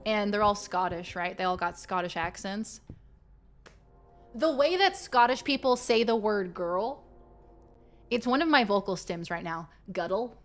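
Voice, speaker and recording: A woman streaming a game and chatting casually with her viewers, playful and quick to slip into silly voices. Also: a little high, a bit bright. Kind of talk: casual live-stream chat.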